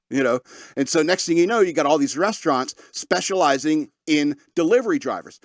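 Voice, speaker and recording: A male podcast host with a slightly high voice, talking in a loose, rambling, opinionated way, stumbling into restarts and chuckling at his own points. The sound is dry and close, with almost no room on it. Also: animated, a little fast, no room sound. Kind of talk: casual opinion talk.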